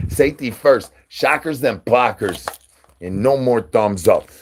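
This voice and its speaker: A man's voice: medium pitch, expressive, measured pace, slight background noise. A man hosting a livestream, rambling in goofy nonsense wordplay and chants. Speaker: livestream host.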